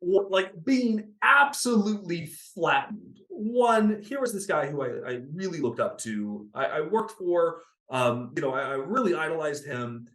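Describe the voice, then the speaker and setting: A man in his thirties, a podcast guest telling his story in an interview, animated and acting out the people he quotes. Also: fairly high pitch, normal speed, hardly any pauses. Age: 30s. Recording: roomy echo.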